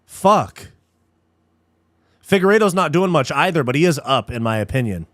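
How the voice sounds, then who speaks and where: A young man with a slightly higher voice hosts a live fight watch-along, fired up and frustrated by the action. He swears freely and keeps saying dude and bro. The sound is dry and close, with no room around it. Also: lively intonation, quick pace, a bit bright, no echo. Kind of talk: casual live commentary.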